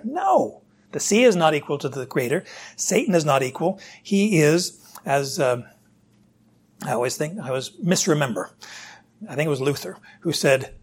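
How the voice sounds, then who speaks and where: A man's voice: on the high side, expressive, moderate pace, slightly rough. A man preaching a sermon, asking rhetorical questions and voicing God's challenges to his listeners. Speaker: pastor.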